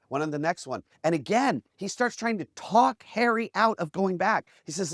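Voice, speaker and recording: A man hosting a podcast, telling a story in a lively motivational way and acting out the quotes in character voices. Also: on the high side, quick pace, dry recording, clean studio sound. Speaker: podcast host.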